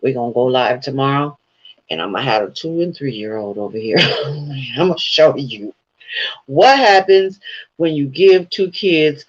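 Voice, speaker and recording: A man's voice: medium pitch, expressive, a little slow. A man talking casually to his viewers, telling rambling, profane stories and laughing along the way. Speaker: vlogger. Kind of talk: casual commentary. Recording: dull lo-fi sound.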